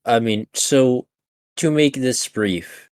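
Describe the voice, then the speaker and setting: A man playing a tabletop game who asks measured, pointed questions. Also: medium pitch, darkish tone, no room sound. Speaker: player. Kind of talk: casual chat at a tabletop game.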